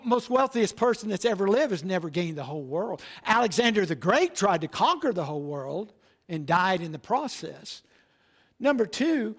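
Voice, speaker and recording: A pastor preaching a sermon, asking rhetorical questions and repeating key lines. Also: male voice, high-pitched.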